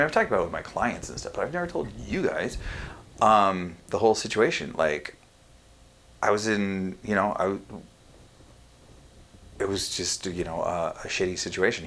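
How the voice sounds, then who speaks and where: A young man speaking frankly and profanely on a casual podcast, halting often with fillers and restarts. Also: low voice, a bit bright.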